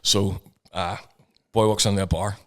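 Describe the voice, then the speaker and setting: A man co-hosting a podcast, rambling and repeating himself, quick to laugh. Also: sits low, fairly even intonation. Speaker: podcast co-host. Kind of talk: casual podcast banter.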